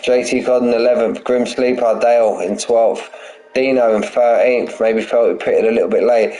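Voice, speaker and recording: A man's voice: fairly low pitch, a little mellow, rough recording. A man commentating a sim racing league, casual and chatty, calling drivers "mate" and saying he's buzzing for them. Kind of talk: live race commentary and chat.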